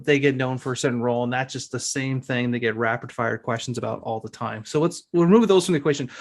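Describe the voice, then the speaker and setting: A man co-hosting an interview, relaxed, chiming in with short agreements and questions. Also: medium pitch. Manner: relaxed, short affirmations, laughs along. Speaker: podcast co-host. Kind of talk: casual interview.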